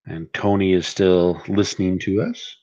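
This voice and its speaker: A man's voice: low-pitched, fairly even intonation, unhurried, darkish tone, lo-fi sound. A man hosting a live wargame stream, talking casually in a rambling, stop-start way full of fillers. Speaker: wargame channel host.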